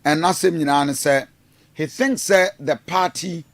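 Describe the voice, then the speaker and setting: A radio host with a voice on the high side speaks at a measured pace, with no room sound. In a radio studio, he talks through the news, mixing Twi into his English, with many fillers and restarts.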